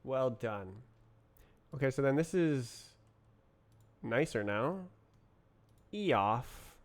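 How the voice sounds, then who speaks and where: A man thinking aloud as he works through code on a live stream, muttering to himself in halting fragments. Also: medium pitch, lively intonation. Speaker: programmer streaming live coding. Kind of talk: thinking aloud while coding.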